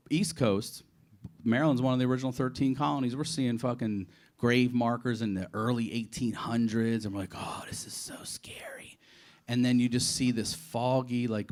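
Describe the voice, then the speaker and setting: A man from Baltimore doing improvised stand-up on a comedy club stage, telling profane, animated stories and acting out the quotes. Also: lowish voice. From Baltimore, USA. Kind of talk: improvised stand-up on audience requests.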